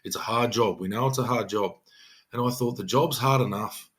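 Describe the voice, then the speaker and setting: A man's voice: lowish voice, normal speed, fairly bright tone. Earnest Australian man telling a story. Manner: earnest, emphatic, acts out his own quoted speech. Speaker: police detective sergeant. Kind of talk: podcast storytelling.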